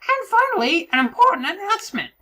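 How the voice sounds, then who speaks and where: A woman voicing a small, pompous male mushroom announcer in a high, proclaiming sing-song, with faint game music behind. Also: sing-song, fast talker, bright, forceful tone, heavily acted.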